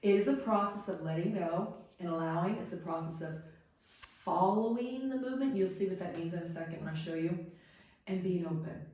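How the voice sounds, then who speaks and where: A woman's voice: fairly low pitch, a little fast. Middle-aged woman teaching in an echoey room. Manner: instructive, animated, demonstrates while talking. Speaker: host and Ouija instructor. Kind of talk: hands-on teaching during a paranormal investigation. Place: indoors in a room of an old house.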